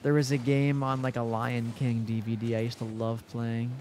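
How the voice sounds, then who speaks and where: A man's voice: medium pitch, completely flat delivery, normal speed, a little mellow, a little hiss or hum. A man in his twenties streaming a game live, chatting casually with his viewers and swearing freely. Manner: chatty, swears freely, addresses chat directly. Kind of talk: casual live-stream chat while gaming.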